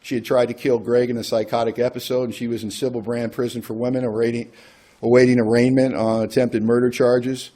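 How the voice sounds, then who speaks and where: A man's voice: medium pitch, little pitch movement, brisk, warm tone. A man speaking at a recovery workshop, telling a personal story in a conversational way and acting out the voices of people he quotes. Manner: conversational, acts out quoted dialogue.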